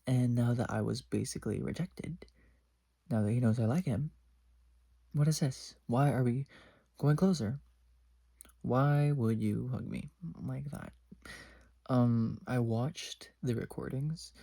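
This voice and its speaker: A man's voice: medium pitch, measured pace, creaky, pauses often, warm tone, no echo. A teenage boy telling a story in a casual, exasperated vlog rant, sometimes dropping to a whisper. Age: teens. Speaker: vlogger.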